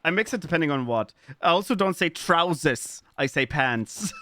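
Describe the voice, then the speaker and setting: A man's voice: a little high, animated, moderate pace, pushed and bright. A man from Germany with a German accent, chatting casually with his live-stream audience, playful and swearing freely as he riffs on chat messages.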